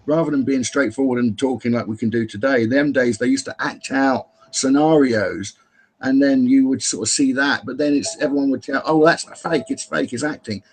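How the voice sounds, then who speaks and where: A man's voice: mid-range voice, normal speed, darkish tone, a little hiss or hum. A man guest on an online call, rambling at length with many restarts. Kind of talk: casual chat, telling at length.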